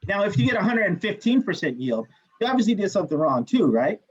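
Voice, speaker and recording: Husky man, fairly high voice, animated classroom lecture, cusses freely, dull lo-fi sound. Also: fast. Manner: animated storytelling, swears freely, acts out quotes. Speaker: chemistry instructor. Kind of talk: lecture with personal story.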